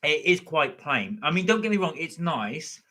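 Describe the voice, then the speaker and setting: A man's voice: fairly high pitch, sing-song, moderate pace, sharp tone. A middle-aged man, chatting casually on a live stream and talking while he eats. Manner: chatty, rambling, talks while eating. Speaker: vlogger hosting a live stream.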